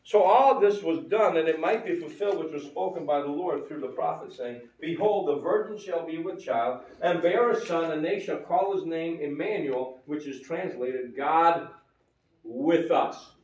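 A male pastor with a fairly high, slightly mellow voice preaches at normal speed, engaging his congregation with questions in a conversational style. The mic is distant, capturing him in a roomy church sanctuary.

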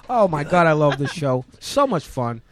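A man hosting a talk show, excitable and effusive, laughing often. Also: a little high. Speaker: radio show host. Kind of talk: casual talk radio.

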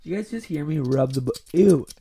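A man's voice: on the high side, animated, brisk, dark tone, slightly rough, dry recording. A young man from Canada hosting a solo podcast from his bedroom, telling rambling, profane, self-mocking stories. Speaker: podcast host. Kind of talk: casual solo podcast monologue.

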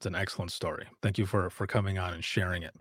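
A man hosting a podcast interview, relaxed and friendly, with short affirmations. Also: sits low, quick pace, breathy edge, no echo, studio quality. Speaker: podcast host. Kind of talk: casual interview chat.

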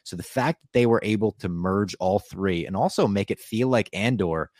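Deep-voiced man recapping, dry sound. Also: moderate pace, a little mellow, dry recording. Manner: enthusiastic, narrates scenes with acted quotes. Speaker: podcast co-host. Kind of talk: casual episode recap.

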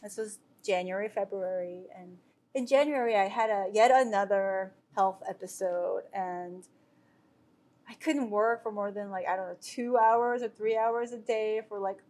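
In a devotional for viewers, a woman earnestly recounts her own faith testimony, talking loosely with plenty of fillers and false starts. Her mid-range voice is unhurried and slightly mellow.

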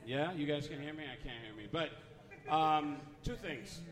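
A man's voice: on the high side, normal speed. A man hosting an open mic and teasing the comedian who just finished. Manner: teasing, off-the-cuff. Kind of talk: emceeing between comedians. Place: comedy venue with a live audience. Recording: echoey room with crowd.

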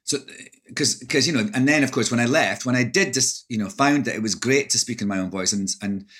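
A man's voice: medium pitch, brisk, a bit bright. A middle-aged Scottish man, an actor, reflecting in a casual interview with many restarts.

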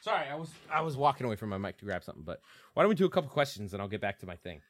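A man's voice: medium pitch, big pitch swings, racing. A young man, a podcast co-host, telling stories in casual chat while laughing and swearing a lot.

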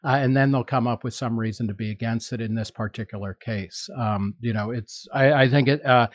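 A man in a casual roundtable talk, rambling and opinionated, circling back with lots of "you know" and "uh." His voice sits at an ordinary middle pitch and is recorded close and dry, with no room sound. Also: fairly even intonation, fairly quick, no echo. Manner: rambling, many fillers and restarts, opinionated. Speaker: podcast co-host, magazine editor.

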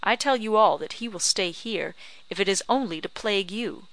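A woman's voice: medium pitch, normal speed, no echo, lightly acted. A woman reader voicing a shrewd, tart old backwoods woman who haggles scornfully. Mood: tart haggling. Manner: sharp, bargaining, scornful. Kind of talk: audiobook character reading.

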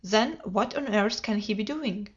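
A woman reading the part of a sharp male detective who asks terse, probing questions, in a dull lo-fi recording. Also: medium pitch, measured pace, lightly acted.

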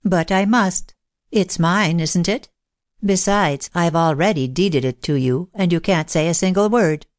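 A woman reading the part of a gentle, loving young woman who speaks softly and tenderly. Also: fairly low pitch, unhurried, no echo, studio quality, natural voice. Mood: tender, coaxing. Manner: soft, tender.

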